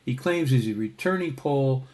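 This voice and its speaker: A man's voice: medium pitch, normal speed. Give me a man with a wry, chatty storytelling voice who keeps going off on asides. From Connecticut. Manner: wry, digressive, lively asides. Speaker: storyteller host. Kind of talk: casual anecdotal storytelling.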